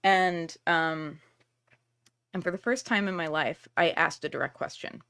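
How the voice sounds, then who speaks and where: A woman's voice: fairly low pitch, measured pace, a bit bright, clean tone. A middle-aged woman hosting a live stream, talking candidly and reassuringly with viewers, with lots of casual fillers. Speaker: tarot reader and workshop host.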